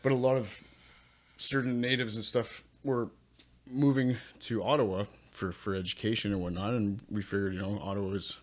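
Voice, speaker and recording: A man's voice: lowish voice, steady tone, normal speed. A man from Northern Ontario, a metal singer guesting on a podcast, talking in a laid-back, casual way, swearing freely and chuckling often. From Northern Ontario, Canada. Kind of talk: casual conversational interview.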